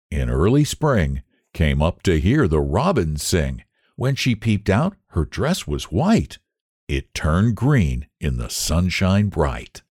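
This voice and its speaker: A man reads children's rhymes aloud in a sing-song storyteller voice. His pitch swoops wide and his pace is slow. The sound is dry and close. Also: a little mellow, no echo.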